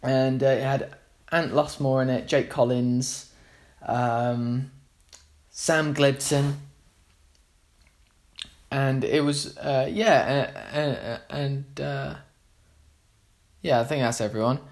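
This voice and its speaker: Male musician, rambling storyteller, mid-pitched, loose and chatty. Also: steady tone, takes it slowly, pauses often. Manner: rambling, many fillers and restarts. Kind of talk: casual anecdotal storytelling.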